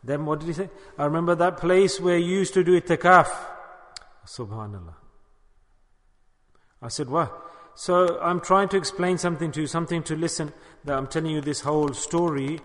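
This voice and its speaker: Male preacher, high and bright, exhorting in a storytelling way, long hall reverb. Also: normal speed. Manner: storytelling, exhorting, mixing Urdu and Arabic religious terms. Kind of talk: sermon.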